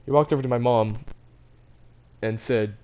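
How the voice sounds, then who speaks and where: A man's voice: medium pitch, normal speed, a little mellow. A teenage boy telling a story about his school in a casual, rambling, self-mocking way, with many fillers and restarts. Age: teens. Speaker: vlogger.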